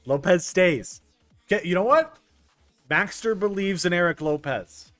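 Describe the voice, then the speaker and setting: A young man streaming a baseball management game, chatting casually with his viewers, excitable and stumbling over restarts. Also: high-pitched, unhurried, no echo. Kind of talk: casual gameplay commentary talking to chat. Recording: dry close mic with faint game music.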